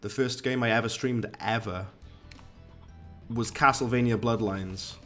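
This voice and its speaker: A man's voice: mid-range voice, steady tone, measured pace, fairly bright tone, faint music behind. A man, chatting casually and rambling to viewers while streaming a game. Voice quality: posh-sounding.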